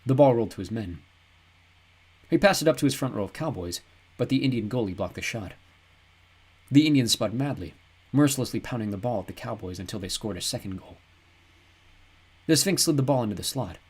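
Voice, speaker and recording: A man reading a novel aloud as an audiobook narrator, in an even, descriptive storytelling manner. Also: mid-range voice, a little fast, long pauses, breathy edge. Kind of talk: scripted narration.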